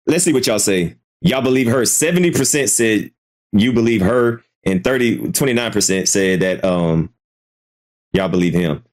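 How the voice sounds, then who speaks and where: Hosting a casual live commentary channel, this man reacts with free-flowing swearing, often hesitating and repeating himself. His fairly low voice is expressive and moves at normal speed.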